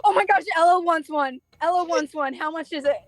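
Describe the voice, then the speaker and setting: A woman player at a tabletop game, excitable and gushing. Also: very high-pitched, a little fast. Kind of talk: casual tabletop play.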